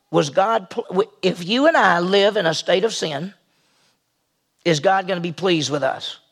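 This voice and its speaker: A man's voice: high-pitched, creaky, slightly rough. A man who is a senior pastor, preaching a conversational sermon and acting out the people he quotes.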